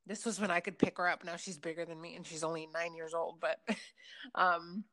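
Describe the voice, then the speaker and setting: A woman in her thirties hosting a casual chat, telling a personal story with many fillers and lively retelling. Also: on the low side, moderate pace.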